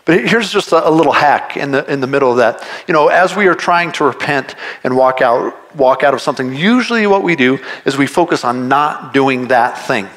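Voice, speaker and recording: A man's voice: medium pitch, animated, a little fast, hardly any pauses, a bit bright. A man preaching a sermon to a congregation, direct and earnest, driving points home with repeated phrases. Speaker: pastor.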